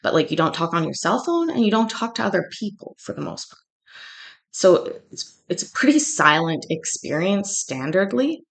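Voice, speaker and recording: A woman's voice: medium pitch, big pitch swings, moderate pace, creaky. A woman from Canada with a daughter, telling a rambling story in casual chat, full of restarts and fillers. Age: adult, has a daughter. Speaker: livestream host.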